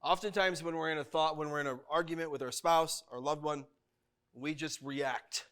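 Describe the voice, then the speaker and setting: A male chaplain with a twang speaks in a fairly high voice. He talks to couples in a plainspoken, folksy way, like a casual conversation. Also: steady tone, moderate pace, fairly bright tone. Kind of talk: workshop talk to couples.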